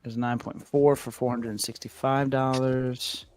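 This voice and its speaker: A man's voice: mid-range voice, level tone, darkish tone, soft background music. A man hosting a casual live stream, talking loosely with many restarts. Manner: loose, halting, lots of filler restarts. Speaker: comic shop host.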